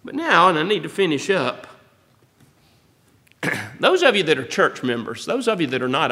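A man's voice: on the high side, pushed and bright. A man preaching a sermon as pastor. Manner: folksy preaching, rising to bold emphasis.

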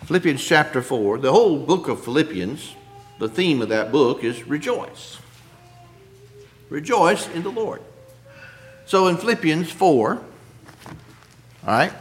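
Preacher guy, high voice that swings all over, gets loud quoting scripture. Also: slow, long pauses. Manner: animated preaching, rising to emphatic quotes and asking the congregation questions. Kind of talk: sermon.

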